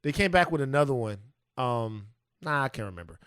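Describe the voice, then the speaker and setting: Lively male podcast co-host. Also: mid-range voice, brisk, clear, resonant tone, no room sound, clean studio sound. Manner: animated, talkative, playful. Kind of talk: casual podcast chat.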